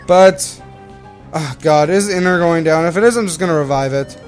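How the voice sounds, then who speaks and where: Over faint background music, a young man from Canada narrates a game playthrough at normal speed. His voice sits on the high side, and his casual commentary wanders and keeps self-correcting.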